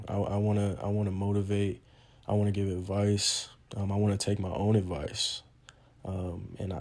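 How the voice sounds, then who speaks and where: Earnest low-voiced young man hosting. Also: darkish tone. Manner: earnest, informal, frequent "um" and "man". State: nervous. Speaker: podcast host. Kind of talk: casual solo podcast intro.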